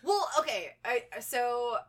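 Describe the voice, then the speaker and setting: A woman's voice: on the high side, very animated, takes it slowly. A woman co-hosting a podcast, telling stories in casual, swear-filled chat with many likes. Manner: chatty storytelling, swears often, says like a lot. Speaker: podcast co-host.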